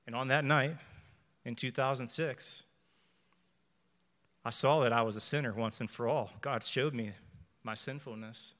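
A man in his forties gives an earnest personal faith testimony to a church, speaking in measured phrases and repeating lines for emphasis. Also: mid-range voice, steady tone, a bit bright, in a large hall. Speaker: church member giving testimony.

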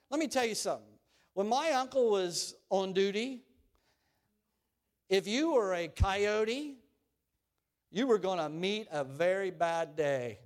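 A man preaching a sermon, animated and storytelling, rising and falling in volume. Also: high voice, a little slow, pauses often. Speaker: pastor.

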